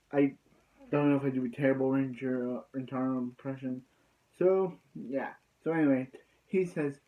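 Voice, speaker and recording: A man's voice: medium pitch, normal speed, phone-quality sound. A man giving a casual, rambling recap of an anime episode, leaning on filler words like "so yeah.".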